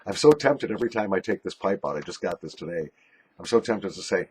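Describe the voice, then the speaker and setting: Brief: older man, low and very husky voice, joking and rambling through a friendly video letter. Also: animated, brisk, darkish tone. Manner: jokey, rambling, bawdy, friendly. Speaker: pipe and snuff YouTuber.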